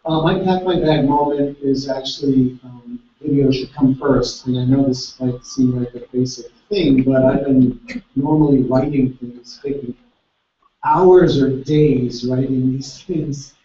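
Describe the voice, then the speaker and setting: A man's voice: mid-range voice, steady tone, a little slow, mellow. A man at a seminar sharing a takeaway with the room, earnest and a little hesitant. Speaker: seminar attendee. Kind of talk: casual sharing. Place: large seminar hall. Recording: echoey room, distant lo-fi mic.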